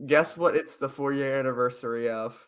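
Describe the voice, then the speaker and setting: A man's voice: medium pitch, fairly quick, smooth. A young man co-hosting a podcast, casually steering the talk and recapping, laughing often. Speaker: podcast co-host. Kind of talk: casual chat.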